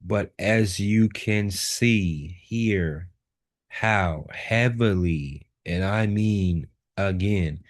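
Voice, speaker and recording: A man's voice: sits low, extremely slow. A man teaching a live trading lesson, walking through charts and driving points home by repeating key words. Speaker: trading instructor.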